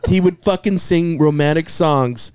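A man's voice: fairly high pitch, unhurried, clear, resonant tone, dry recording. A man telling stories from his family in casual, swearing chat, often acting out what people said. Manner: profane, storytelling, acts out quotes loudly.

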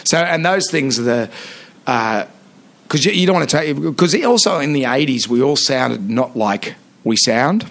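A man in his fifties with an Australian accent, a radio host chatting as a guest in a podcast studio, telling animated stories with many restarts. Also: mid-range voice, normal speed. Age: 50s. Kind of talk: casual interview chat.

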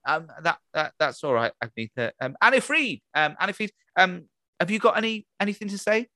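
Guy rambling on a comedy podcast, lively up and down voice, dry sound. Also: high voice, fairly quick, no echo. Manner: joking, rambling, full of fillers. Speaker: podcast host. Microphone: remote call.

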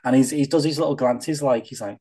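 A giggly, chatty man talking about films on a podcast. His voice has a middling pitch and a husky edge. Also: fairly quick, mellow. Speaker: podcast co-host. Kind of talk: casual film chat.

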